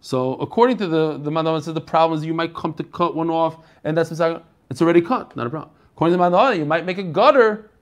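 A slightly high-pitched American man races through his Talmud class with hardly a pause. He chants the Aramaic text in a singsong, then unpacks it in relaxed English, tossing chatty asides to his students.

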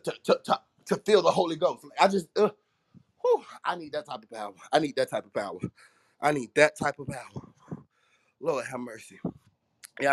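A man, preaching fervently on his own podcast, repeating his phrases and breaking into praise. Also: a little high.

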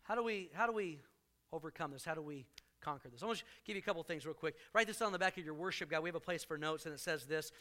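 A man preaching a sermon to a congregation, joking with the crowd and punching key lines with sudden loud emphasis. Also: fairly high pitch, fast. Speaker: pastor.

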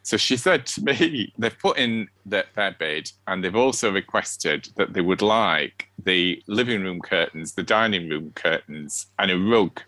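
Giggly Sheffield podcast co-host, lively swinging pitch, bright tone. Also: male voice, measured pace, few pauses, no echo. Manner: giggly, chatty, rambling. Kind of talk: casual chat.

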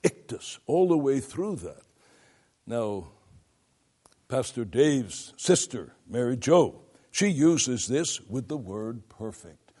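An older man teaching students of preaching in a deliberate, emphatic lecture, stopping to demonstrate vocal effects himself. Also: medium pitch, very animated, dark tone, husky. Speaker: preaching instructor.

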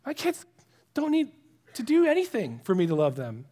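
Male pastor, high-pitched, conversational sermon delivery with hushed asides. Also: wildly swooping pitch, normal speed. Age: adult with young children. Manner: conversational and earnest, drops to a hush for emphasis.

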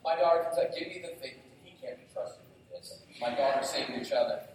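A middle-aged man preaching a sermon as pastor, telling lively stories with self-mocking humor. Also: medium pitch, fast talker, distant mic, a little hiss or hum. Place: church sanctuary. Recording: very echoey hall, heard from afar.

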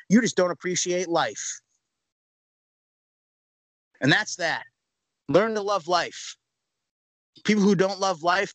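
Young male podcast co-host on a heated rant, voice pitched a bit high, dry close recording. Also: no echo, rough recording. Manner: loud, emphatic ranting with sudden pitch jumps. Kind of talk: ranting sports podcast talk.

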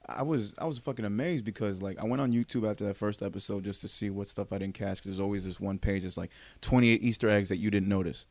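Male podcast co-host, lower voice, rapid and profane, dry recording. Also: no echo. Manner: fast, profane, animated storytelling. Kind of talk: casual chat.

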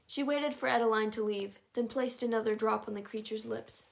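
A woman narrating a chapter book aloud in a steady, even read-aloud manner. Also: on the high side, fairly quick, vocal fry, few pauses. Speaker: audiobook narrator.

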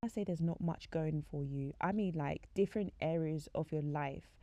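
A woman's voice: low voice, moderate pace, mellow, dry recording, highs cut off. A young woman giving a casual faith-based talk, chatty with many "like" fillers, acting out conversations she recounts. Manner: chatty, frequent "like" fillers, acts out quoted conversations. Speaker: faith podcast speaker.

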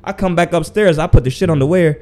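A young man from Mali telling a story in casual chat, animated and profane, acting out what people said. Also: on the high side, fast.

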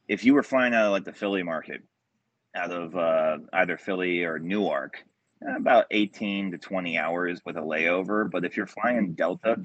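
A man's voice: sits low, dry recording, lo-fi sound. A man from Delaware, a guest on a podcast, telling stories in an easygoing way with light laughs. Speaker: guest, cigar company representative. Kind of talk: casual interview chat.

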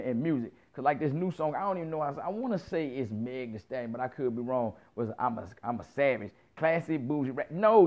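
A man in his thirties tells a late-night story and then lectures his listeners, talking loosely and profanely in heavy slang. His voice sits a bit high for a man, and the recording comes through muffled and lo-fi. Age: 30s. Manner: profane, animated, lots of quoted dialogue and slang. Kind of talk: casual storytelling rant.

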